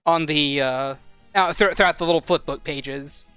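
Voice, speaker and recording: Bright-voiced rambling game master man. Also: fairly high pitch, moderate pace, smooth, dry recording, soft background music. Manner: rambling descriptive narration with many fillers. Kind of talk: narrating a tabletop game.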